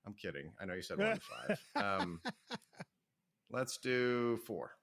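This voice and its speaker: A middle-aged man speaking as a podcast guest, lively and full of stories. His voice sits low yet sounds bright and forceful, keeping the pace brisk as he coaches and pitches. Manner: energetic, storytelling, self-promoting. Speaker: author and business coach. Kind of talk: podcast interview.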